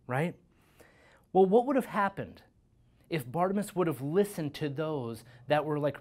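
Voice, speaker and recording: A youth pastor with a slightly high, somewhat mellow voice delivers a devotional sermon and reads scripture. He speaks earnestly and conversationally, frequently checking in with "right?".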